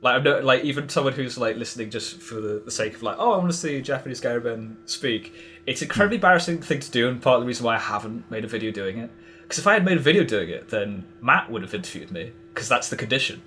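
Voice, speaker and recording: A man's voice: mid-range voice, expressive, very fast, bright, forceful tone, a little hiss or hum. Hesitant young man, podcast guest. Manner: hesitant, full of "like" and restarts. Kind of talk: casual conversational interview.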